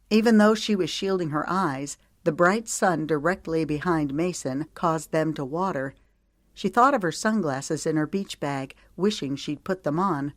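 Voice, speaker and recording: A woman narrating an audiobook in measured, steady storytelling. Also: low voice, no echo, studio quality. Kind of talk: scripted narration.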